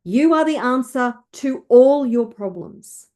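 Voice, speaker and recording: A woman wealth coach leading listeners through slow, emphatic affirmations to repeat after her. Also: high-pitched, lively intonation, a little mellow.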